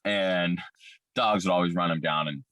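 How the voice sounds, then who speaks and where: Deep voiced guy telling his own story, candid and cussing a lot, lots of ums, bright edgy tone. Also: fairly even intonation, dry recording. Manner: candid, profane, halting with fillers. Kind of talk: personal testimony.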